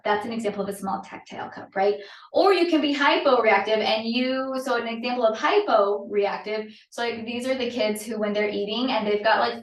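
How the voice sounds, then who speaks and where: A woman occupational therapist giving an informal teaching talk to parents, conversational, with frequent fillers and "right?" check-ins. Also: medium pitch. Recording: roomy, from a distance.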